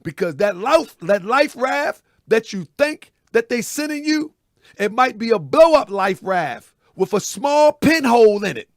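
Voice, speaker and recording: A man with a fairly high voice hosts a live online commentary show. He preaches to his audience, repeats his phrases and keeps checking in with "you know what I mean?" The sound is dry and close, with little room in it. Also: very animated, measured pace, no echo. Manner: addresses viewers as family. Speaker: host.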